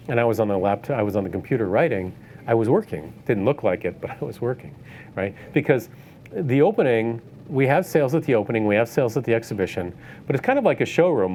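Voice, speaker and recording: In an event space, an art dealer gives photographers a casual lecture on the art business, conversationally tacking "right?" onto his points and laughing often. His mid-range voice has a darkish tone, with a little hiss or hum in the recording.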